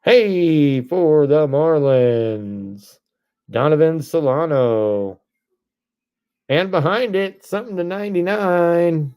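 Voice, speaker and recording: A man, hosting a live card break stream, reading off names and breaking into excited shouts. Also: on the high side, slow pace, smooth, dull audio.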